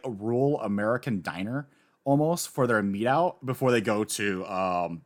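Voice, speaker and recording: A man co-hosting a casual anime discussion podcast, talking in an animated way that swings from quiet asides to loud bursts. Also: deep voice. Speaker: podcast co-host.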